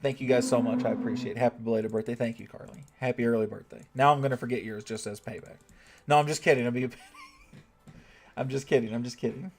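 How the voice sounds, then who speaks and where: A man's voice: mid-range voice, steady tone, fast talker. Chatty American man streaming a game. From United States. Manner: chatty, reads out and thanks chat donors. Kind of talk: casual livestream commentary.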